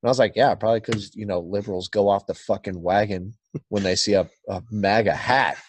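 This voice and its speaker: A man's voice: lowish voice, steady tone, a little fast, slightly rough, dry recording. A young man with a Californian accent, telling a profane, blunt story in casual podcast chat. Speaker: podcast guest.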